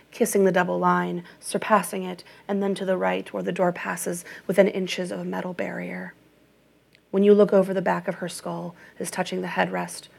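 A woman reading an audiobook in a measured, even narration. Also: fairly low pitch, gravelly.

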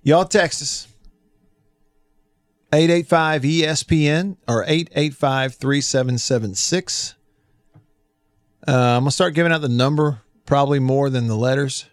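A man with a Southern accent hosting a casual radio talk show, telling stories in a folksy, animated way. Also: mid-range voice, measured pace, pauses often, clean tone, no room sound, clean studio sound.

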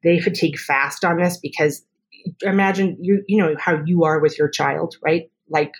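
A woman speech therapist talking through her methods in a podcast interview, chatty and full of quick examples. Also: low voice, fairly even intonation, slightly rough.

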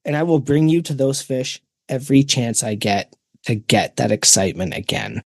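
A man co-hosting a podcast in casual chat, animated and laughing often, swearing freely. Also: medium pitch, normal speed, dry recording. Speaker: podcast co-host.

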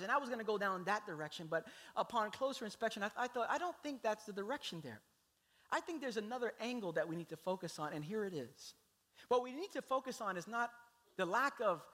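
High-voiced animated preacher. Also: male voice. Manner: animated storytelling, acts out voices. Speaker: pastor. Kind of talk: sermon.

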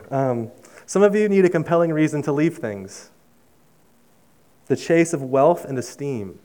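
A young man preaching in a smooth, resonant voice at an ordinary middle pitch. He talks earnestly and conversationally, restarting his phrases, and sinks to a near-hush on heartfelt lines. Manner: drops to a soft hush on emotional lines. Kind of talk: sermon with personal story.

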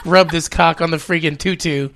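Gravelly, bright-voiced indignant woman. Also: sits low, moderate pace, a little hiss or hum. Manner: animated, indignant, filler-heavy. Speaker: podcast co-host. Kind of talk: casual chat.

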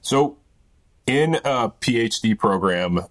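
A man hosting an interview, relaxed and conversational, asking questions with loose phrasing. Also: medium pitch, takes it slowly. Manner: relaxed, conversational, uses "like" often. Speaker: podcast host. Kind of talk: casual interview talk.

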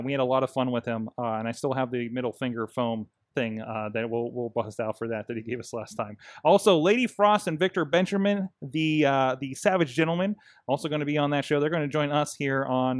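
A man's voice: mid-range voice, brisk, few pauses, dry recording, studio quality. A man co-hosting a casual wrestling podcast, rambling with lots of fillers and restarts. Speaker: podcast co-host.

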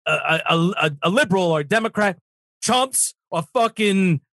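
A man's voice: high voice, lively intonation, normal speed, fairly bright tone, dry recording, studio quality. A man on a political talk show, ranting heatedly and swearing emphatically.

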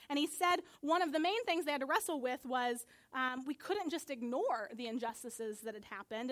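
A woman pastor preaching a sermon, telling a story earnestly and building to emphatic high points. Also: fairly bright tone.

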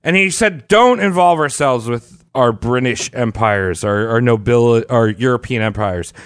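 A man's voice: mid-range voice, normal speed, no echo, studio quality. A man co-hosting a casual comedic history podcast, explaining events at length with crude jokes and frequent laughs.

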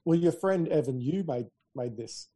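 A man's voice: a little high, expressive, normal speed, dark tone, breathy edge. A man co-hosting a podcast, chatty and easygoing, telling stories in casual conversation. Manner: chatty, laughing easily, storytelling. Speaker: podcast co-host. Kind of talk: casual tech chat.

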